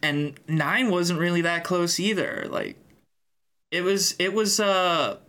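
A man's voice: sits high, slow pace, bright, forceful tone. A man co-hosting a casual sports podcast, heated and swearing as he retells events. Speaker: podcast co-host.

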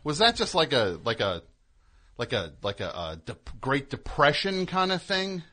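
Animated, bright-voiced male radio host. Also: mid-range voice, a little slow. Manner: animated, jokey, slips into exaggerated impressions. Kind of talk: casual comedic banter.

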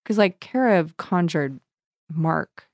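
A woman co-hosting a casual book discussion, animated and laughing often as she retells scenes. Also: on the low side, slow, no echo, clean studio sound. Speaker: book podcast co-host. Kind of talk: casual chat.

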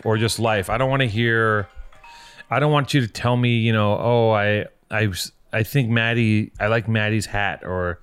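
A man's voice: medium pitch, a bit bright, clean tone. A man hosting a podcast in a casual, joking chat, rambling and restarting his sentences, a little underslept. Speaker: podcast host.

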